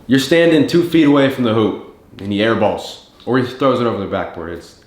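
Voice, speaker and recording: A man's voice: mid-range voice, big pitch swings, a little fast, reverberant. A young man recalling a friend in a documentary interview, teasing him dryly. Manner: dry teasing storytelling.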